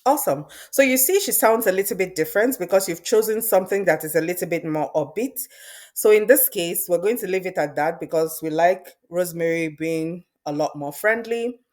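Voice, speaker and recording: A woman with a slightly low voice walks viewers through a software tool in a screen-recorded tutorial. She talks casually and thinks aloud, pausing to restart phrases as she works. The tone is relaxed and instructional. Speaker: presenter demonstrating software.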